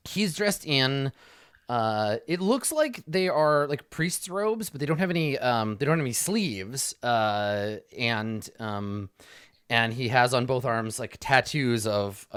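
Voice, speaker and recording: A man's voice: mid-range voice, a bit bright, clean tone, no room sound, clean studio sound. Man narrating a game, full of fillers. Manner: rambling description with many fillers. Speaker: game master.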